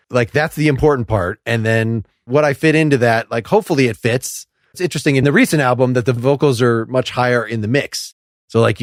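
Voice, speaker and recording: A man's voice: mid-range voice, dry recording, clean studio sound. A man hosting a music podcast, asking long, meandering questions in a casual, inquisitive way. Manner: inquisitive, rambling questions with frequent laughs. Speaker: podcast host. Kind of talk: casual interview chat.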